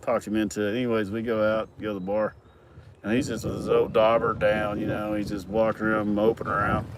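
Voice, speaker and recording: A man's voice: fairly low pitch, little pitch movement, a little fast. A middle-aged man telling a long, profane story in a loose, rambling way, chuckling as he goes. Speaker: farm worker telling stories. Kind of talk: casual storytelling. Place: outdoors at a work site. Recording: outdoor recording with traffic noise. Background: vehicle and outdoor noise.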